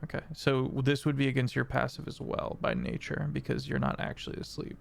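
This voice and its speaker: A man's voice: medium pitch, big pitch swings, brisk, creaky, slight background noise. A man acting as game master for a tabletop game who describes scenes while searching for words. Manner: searching for words, with fillers and restarts.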